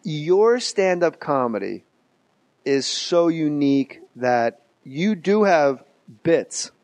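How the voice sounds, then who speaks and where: Middle-aged guy hosting a comedy podcast, swears a lot, rambles through stories, bit high-pitched, dry sound. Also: very animated, a little mellow, no room sound. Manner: profane, rambling storyteller with quick asides. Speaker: podcast host. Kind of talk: casual comedy podcast chat.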